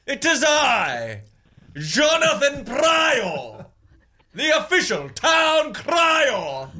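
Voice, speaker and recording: A man's voice: very high-pitched, wildly swooping pitch, slight background noise, pitched above the performer's own voice, exaggerated voice. A man playing a pompous old-style town crier, proclaiming in a put-on British accent. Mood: grandiose. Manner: shouted, drawn-out proclamation.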